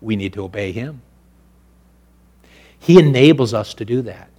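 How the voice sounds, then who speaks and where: Man preaching, loud then hushed. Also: animated, normal speed, husky. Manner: swings from loud, high preaching to quiet, low intimate speech. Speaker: pastor. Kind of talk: sermon.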